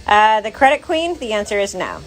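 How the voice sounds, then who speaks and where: A woman's voice: medium pitch, huge pitch swings, brisk, poor audio. A woman co-hosting a casual livestream from a tattoo studio, reading viewer comments aloud and talking bluntly with some swearing. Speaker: livestream co-host.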